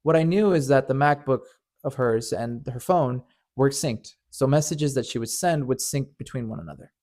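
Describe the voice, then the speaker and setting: Medium in pitch with a darkish tone, this man speaks at a moderate pace. As a storyteller and channel host, he recounts a painful personal experience earnestly and emotionally, frequently stammering and repeating himself.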